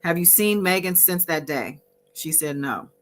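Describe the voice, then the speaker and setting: A woman hosting a casual recap, reading out exchanges from her notes with frequent fillers and pauses. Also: fairly low pitch, lively intonation, a little hiss or hum. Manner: reads out courtroom exchanges from notes, pausing with fillers. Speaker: host recapping a court trial.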